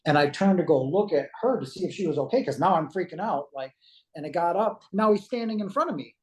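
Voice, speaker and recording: A man's voice: high-pitched, expressive, quick pace, darkish tone, slight background noise, low-quality recording. A man, a guest on an interview show, retells a personal story at length, with acted-out quotes and frequent fillers.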